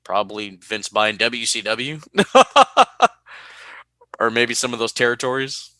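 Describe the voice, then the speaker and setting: Bright-voiced man chatting on a podcast. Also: mid-range voice, normal speed, no echo. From California. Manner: animated, laughs often, reads listener mail. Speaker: podcast co-host. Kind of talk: casual podcast chat.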